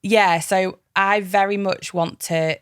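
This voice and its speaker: A woman's voice: mid-range voice, fairly even intonation, takes it slowly, clean tone, no room sound, clean studio sound. A woman, a podcast guest chatting in a self-deprecating way. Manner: chatty, self-deprecating, talks over others. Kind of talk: casual chat.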